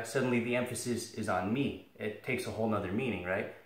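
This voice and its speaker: A man's voice: on the low side, a little fast. A man giving a casual, joking Latin lesson, sarcastic and rambling, with self-deprecating asides. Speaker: video tutor for Latin students. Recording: echoey room.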